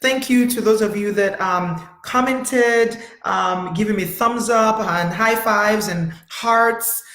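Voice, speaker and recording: A woman's voice: medium pitch, slow pace, few pauses, a bit bright. A middle-aged woman therapist hosting a live-streamed motivational talk, speaking emphatically and repeating herself as she addresses viewers directly. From United States. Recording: echoey room.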